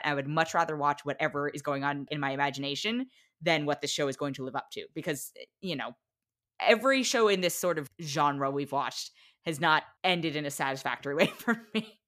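A woman's voice: deep voice, fairly quick, a bit bright. A woman co-hosting a casual podcast roundtable, blunt and opinionated. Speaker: podcast co-host.

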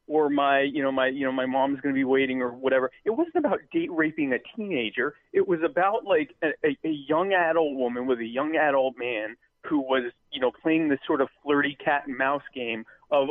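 A man's voice: mid-range voice, fairly quick, few pauses, dry recording. Rambling Southern man on a tinny line. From American South. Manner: rambling, joking, many fillers and restarts. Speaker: podcast co-host. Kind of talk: casual live show banter.

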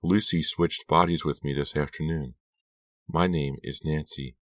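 A man voicing a sly, lying teenage girl in an audiobook, speaking softly, quietly and coldly. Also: very deep voice, steady tone, unhurried, no room sound. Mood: pleading. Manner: soft, quiet and cold.

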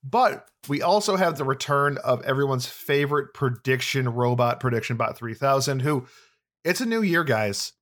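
A young man co-hosting a casual podcast, enthusiastic and quick to laugh. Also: medium pitch, animated, a bit bright. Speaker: podcast co-host and writer.

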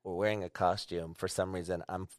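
An animated, enthusiastic man co-hosting a podcast and telling stories in casual chat. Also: low voice, fairly quick, no room sound, studio quality. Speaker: podcast co-host.

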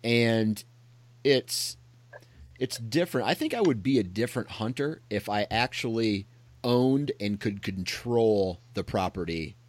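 Low-voiced, reflective man. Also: expressive, dry recording. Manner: reflective, halting, restarts his sentences. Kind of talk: casual conversation.

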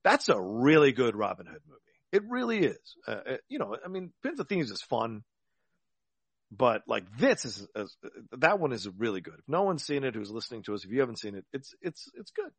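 Husky, animated man with lively pitch. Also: fairly quick, no room sound. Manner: animated, profane, rambling storyteller. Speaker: podcast co-host. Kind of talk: casual movie chat.

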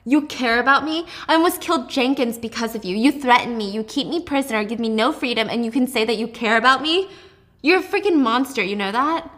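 Scared angry teen girl prisoner, a woman doing the voice, accusing and fairly high. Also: a little fast, fairly bright tone, close to an everyday voice. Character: frightened, defiant teenage girl prisoner.

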